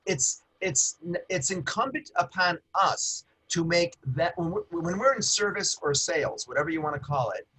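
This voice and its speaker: A middle-aged man who talks fast and animated, teaching sales skills on a video call. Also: a little high, breathy edge, rough recording. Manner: fast-talking, animated, with hand gestures. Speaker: guest trainer on a webinar. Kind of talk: casual webinar teaching.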